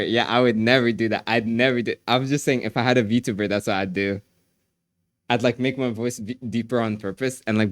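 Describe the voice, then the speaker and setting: Low-voiced man chatting on stream. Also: no room sound. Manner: laughs often, filler-heavy and joking. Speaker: live streamer. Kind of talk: casual live-stream chat with viewers.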